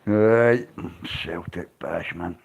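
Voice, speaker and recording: A man's voice: sits low, very slow, breathy edge, highs cut off. A Scottish man hosting a livestream, chatting loosely with viewers, swearing and laughing as he goes. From Scotland. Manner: rambling, swearing, laughs often. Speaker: livestream host. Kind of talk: casual chat to live viewers.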